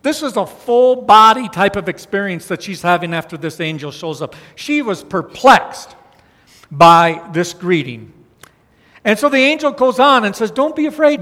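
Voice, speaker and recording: A man's voice: high voice, expressive, normal speed, pushed and bright, long reverb tail. A man giving a conversational sermon as a pastor, often checking in with the congregation by asking "okay?" and "all right?". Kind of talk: sermon with Bible teaching.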